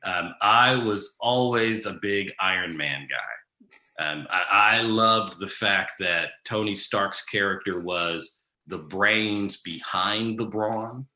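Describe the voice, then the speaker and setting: A man's voice: fairly low pitch, slow, pushed and bright. A man answering interview questions in a casual, easygoing way, with frequent ums and restarts. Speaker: guest. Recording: echoey room.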